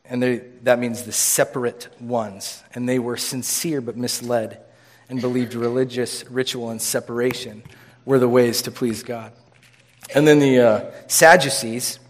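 A man preaching an informal sermon in a church room, casual and joking with many restarts. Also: mid-range voice.

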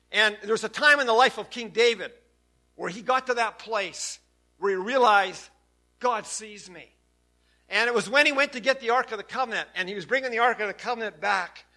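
A man preaching a sermon to his church, swinging from hushed lines to loud, emphatic ones. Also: high-pitched. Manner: preaching with sudden swings between loud and soft. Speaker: pastor.

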